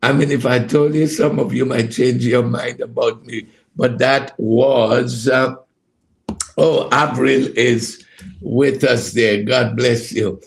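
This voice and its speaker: A man's voice: mid-range voice, fairly even intonation, slow pace, creaky. A man hosting a casual devotional program from a home studio, hesitant and full of fillers, greeting listeners by name and laughing heartily. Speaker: ministry program host. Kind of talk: casual devotional broadcast chat.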